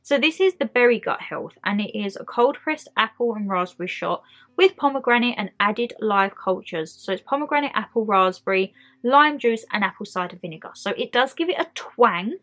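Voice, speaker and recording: A woman's voice: mid-range voice, expressive, moderate pace, a bit bright. A young woman chatting enthusiastically to camera about her monthly favourites at home. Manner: chatty and enthusiastic, talks straight to viewers. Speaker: beauty and lifestyle vlogger.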